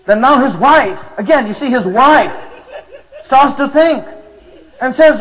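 A man's voice: very high voice, expressive, unhurried, pauses often, fairly bright tone, poor audio. A man preaching to a congregation, retelling a story with emotion and drama. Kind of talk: sermon storytelling.

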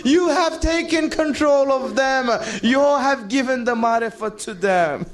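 A man's voice: very high-pitched, a little slow. A man delivering an emotional religious sermon, pleading with his listeners and moving between storytelling and impassioned cries. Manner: storytelling, addresses audience as friends. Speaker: preacher.

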